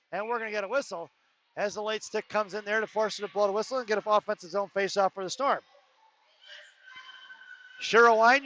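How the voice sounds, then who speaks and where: High bright-voiced male hockey announcer. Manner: rapid-fire play calling with joking asides. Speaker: play-by-play announcer. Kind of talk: live hockey commentary. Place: ice arena. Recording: dull lo-fi arena stream with faint noise.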